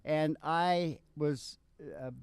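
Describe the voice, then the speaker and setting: An older man, co-host of a live show, talking in rambling, halting banter with frequent restarts. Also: a little high, fairly even intonation, smooth, dry recording. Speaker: co-host and musician. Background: live country music.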